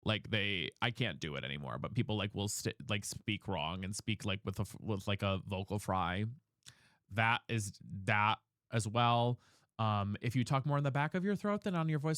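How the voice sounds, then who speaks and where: A man's voice: on the low side, normal speed, a bit bright, no room sound, studio quality. A young man streamer chatting casually with his chat, reading questions aloud and explaining voice technique.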